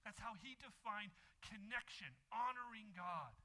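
Bright-voiced preacher man, high and forceful. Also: lively intonation, low-quality recording. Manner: emphatic preaching with repeated phrases and dramatic pauses. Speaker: pastor. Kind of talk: sermon.

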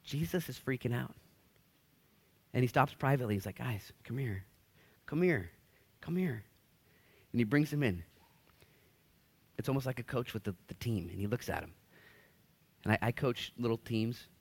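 A man's voice: medium pitch, normal speed, pauses often. A man in his thirties, a pastor preaching a sermon, who acts out the voices of people in the stories he tells.

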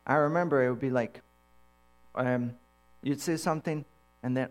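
A man preaching a sermon, telling personal stories in an animated way and acting out the dialogue. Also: mid-range voice, moderate pace, long pauses. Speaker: pastor.

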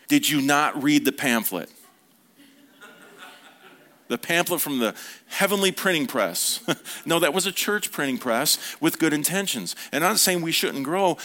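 A man preaching a conversational sermon, telling stories with relaxed, playful asides. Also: fairly high pitch, normal speed.

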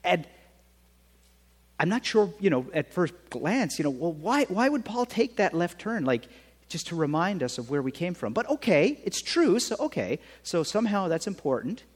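A man preaching a sermon in a conversational way, often checking in with his listeners with a quick "right?". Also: high-pitched, big pitch swings, slightly rough, in a large hall. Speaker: pastor.

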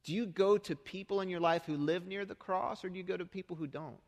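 A man's voice: high-pitched, fairly quick, big-room sound. A middle-aged man preaching a sermon as pastor, speaking conversationally and asking the congregation rhetorical questions. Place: church sanctuary.

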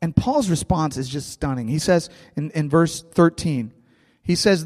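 Animated man preaching in a reverberant hall. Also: a little high, a little slow. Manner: animated, repeats words, acts out scripture with a volunteer. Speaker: pastor. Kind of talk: sermon.

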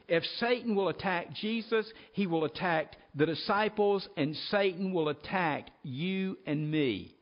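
Earnest preaching man, dull lo-fi sound. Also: on the high side. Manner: earnest preaching, addresses listeners as folks, reads scripture aloud. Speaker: pastor. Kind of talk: sermon. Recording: dull lo-fi recording.

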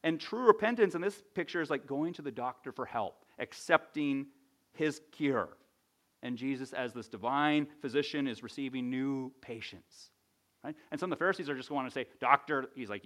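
A man's voice: medium pitch, animated, moderate pace, fairly bright tone. A man preaching a sermon, teaching in a conversational way and often checking in with "right?". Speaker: pastor.

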